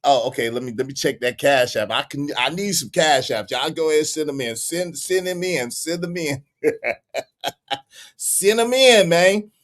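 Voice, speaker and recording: A man's voice: a little high, moderate pace. A man hosting a live stream, reading out donations and teasing his chat, laughing often and repeating phrases.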